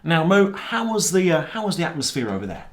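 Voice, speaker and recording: A man hosting a satirical comedy news show, delivering sarcastic, wry commentary with plenty of halting fillers. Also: on the high side, very animated.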